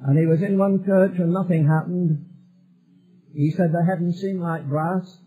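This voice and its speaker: A man's voice: on the high side, fairly even intonation, unhurried, narrow, tinny audio, a little hiss or hum. A male preacher delivering a sermon emphatically, building repeated phrases toward a climax.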